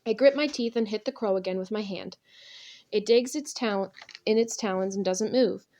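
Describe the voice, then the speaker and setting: A young woman narrating an audiobook in the first person, with an expressive, intense, dramatic delivery. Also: mid-range voice, normal speed.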